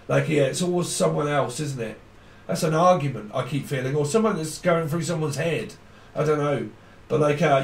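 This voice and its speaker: A man's voice: on the high side, normal speed, vocal fry. A man giving a rambling tarot reading, blunt and swearing casually as he goes. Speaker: tarot reader. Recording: echoey room, mic at a distance.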